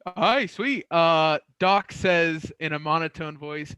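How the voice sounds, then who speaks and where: A man's voice: fairly high pitch, slow, bright, forceful tone, smooth, no echo. A man playing a tabletop game, cheerful and giggly as he declares his moves. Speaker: player.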